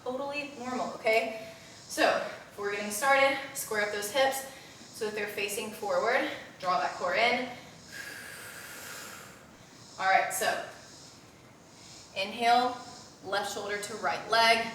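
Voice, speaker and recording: Recorded from a distance in a very echoey room with slight background noise, a young postpartum fitness instructor coaches a live workout. Her bright, fairly high voice is unhurried with long pauses as she cues breathing and reps, slightly out of breath and frequently asking "okay?".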